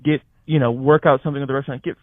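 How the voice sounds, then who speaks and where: A man's voice: medium pitch, steady tone, racing, dry recording. A man calling in to a live show, earnestly lecturing the hosts with formal business suggestions. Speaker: caller. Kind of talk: call-in suggestion. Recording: tinny phone line.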